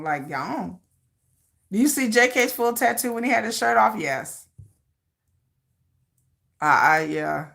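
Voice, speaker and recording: A woman's voice: a little high, vocal fry. A woman hosting a casual livestream, chatting with viewers in a dramatic, playful rant and laughing often. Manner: animated, laughing, reacting to viewer comments. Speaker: livestream host.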